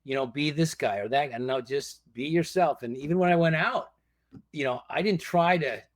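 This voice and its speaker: A man's voice: fairly high pitch, normal speed, no room sound, studio quality. A man, a guest and former reality show contestant, tells stories in casual chat, acting out other people's lines with laughter.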